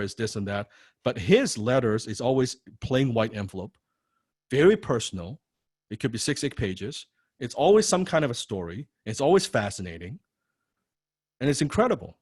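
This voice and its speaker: Animated, swearing male course teacher. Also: medium pitch, no room sound, studio quality. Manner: animated and profane, repeats words when excited; frequent rhetorical "right?". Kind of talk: personal story told in a lecture.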